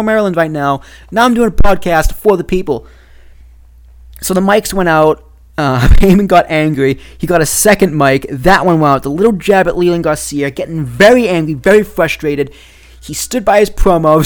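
A young man hosting a casual solo podcast, rambling and excitable, often cutting himself off. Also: a little high, fairly quick. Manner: rambling, excitable, self-interrupting. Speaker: podcast host.

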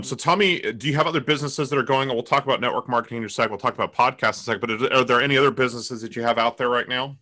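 A man hosting an interview, affirming his guest and asking brisk questions. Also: mid-range voice, pushed and bright. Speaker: interview host. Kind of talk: casual interview.

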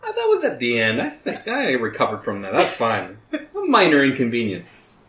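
A man's voice: mid-range voice, wildly swooping pitch, moderate pace, a bit bright. A man playing a tabletop role-playing game, joking and laughing, recorded with a roomy echo. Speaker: player.

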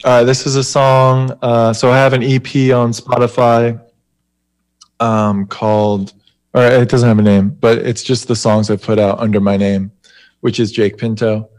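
A man's voice: mid-range voice, flat delivery, unhurried, a little mellow. A man who plays in a band, speaking as a guest in a loose, hesitant way. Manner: hesitant, lots of "like" and "I don't know". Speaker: musician guest. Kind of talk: casual live interview.

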